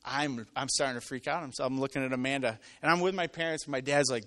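Man, pastor, sermon, storytelling with acted voices, loud-to-quiet swings, bright tone. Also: medium pitch, fast talker, few pauses. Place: church with live audience.

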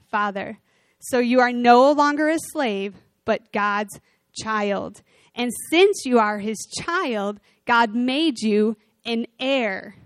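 A woman preaching a sermon, conversational and animated as she retells scripture. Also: a little high, no room sound.

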